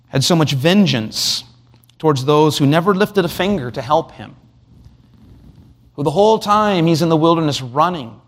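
A man preaching an expository sermon, asking rhetorical questions and reading scripture aloud. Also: a little high. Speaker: pastor.

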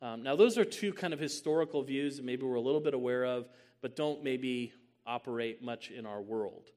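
Man teaching theology, swells to booming. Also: a little mellow. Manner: measured, many "um"s, rising to booming emphasis.

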